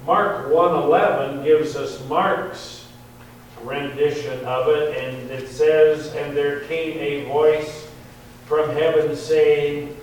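A man preaching a sermon, slow and deliberate, lifting his voice on quoted verses. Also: fairly high pitch, level tone. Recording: very echoey hall, distant mic, faint hum.

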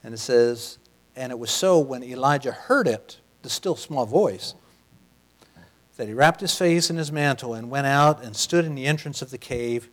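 A man preaching a sermon in a folksy, conversational way, swinging from loud, shouted passages down to a near whisper. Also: mid-range voice, normal speed.

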